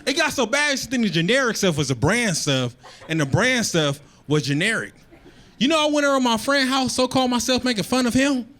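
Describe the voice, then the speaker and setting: A man's voice: extremely high pitch, animated, a little fast, fairly bright tone. A man doing stand-up comedy on a club stage, telling stories in a loose, self-mocking way.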